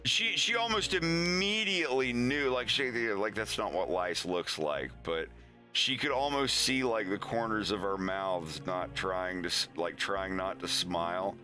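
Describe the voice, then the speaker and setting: Young adult male streamer, casual storyteller, animated delivery. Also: measured pace, faint music behind. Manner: animated, acts out quoted voices with big high pitch jumps.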